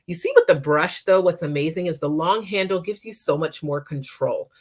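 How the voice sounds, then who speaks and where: Woman, lowish voice, chatty makeup demo with lots of check-ins. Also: moderate pace, darkish tone, husky. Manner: chatty, checks in with frequent "okay?". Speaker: makeup demonstrator. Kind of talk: live makeup tutorial.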